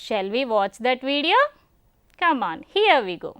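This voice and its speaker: A woman's voice: high-pitched, very animated, normal speed, fairly bright tone, slight background noise. A woman teacher with a Telangana Indian English accent, narrating a lesson for children and asking encouraging questions.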